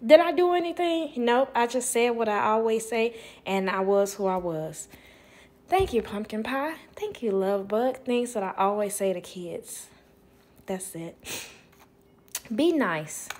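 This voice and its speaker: A woman's voice: medium pitch, expressive, unhurried, darkish tone. A woman hosting a show, telling a casual story and acting out the voices of the people she quotes, laughing often. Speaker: host.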